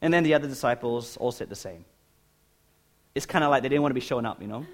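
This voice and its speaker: A man preaching a sermon, animated and emphatic, speaking directly to his listeners. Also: mid-range voice, quick pace. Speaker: pastor.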